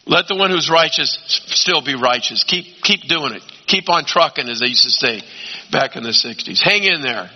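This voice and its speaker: Man, pastor, sermon, emphatic urging with quiet asides, dull lo-fi sound. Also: fairly high pitch, expressive, moderate pace, slightly rough.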